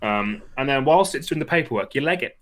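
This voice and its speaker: A man's voice: mid-range voice, expressive, fairly quick, a bit bright. A man and podcast co-host, bantering in a jokey way and swearing freely in a casual live chat.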